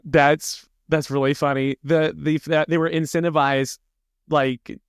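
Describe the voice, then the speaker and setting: A man's voice: fairly high pitch, little pitch movement, unhurried, vocal fry, clear, resonant tone, no room sound, studio quality. A man co-hosting a podcast in casual conversation, reacting with enthusiasm and frequent laughter. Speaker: podcast co-host.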